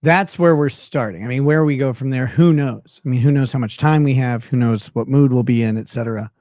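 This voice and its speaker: A man's voice: medium pitch, a little fast, darkish tone, no echo, studio quality. A man hosting a livestream in casual chat, blunt and profane, laughing often. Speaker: livestream host.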